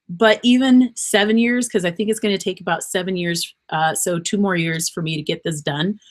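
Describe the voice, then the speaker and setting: This woman, a podcast host, rambles through an earnest, improvised pep talk meant to uplift. Emotion wells up until she's nearly in tears, while her voice stays at a middle pitch.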